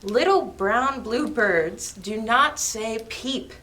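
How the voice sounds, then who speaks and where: Woman reading a kids picture book out loud, really lively up and down voice, slow and clear, faint hiss behind. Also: fairly high pitch. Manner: lively, expressive. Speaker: storytime reader.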